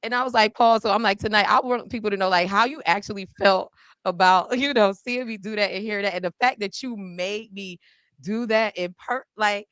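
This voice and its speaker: A woman's voice: mid-range voice, fairly quick, a bit bright, clean tone, no echo. A woman hosting a podcast as a journalist, chatting casually in a studio with loose, laughing asides. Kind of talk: casual chat.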